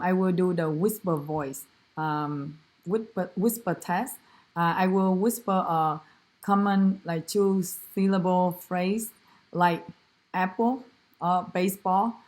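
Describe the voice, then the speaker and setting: This student, a woman whose first language is Vietnamese, narrates a demonstration of a clinical exam. She speaks haltingly, full of fillers and self-corrections, in a somewhat low voice with a darkish tone.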